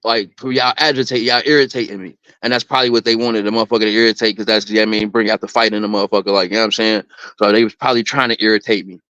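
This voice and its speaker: A man's voice: lowish voice, fairly even intonation, racing, sharp tone, clear, resonant tone, dry recording. Rambling, profane man on a dull stream. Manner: rambling, profane, repeats words. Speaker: guest on a live stream. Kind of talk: casual storytelling chat.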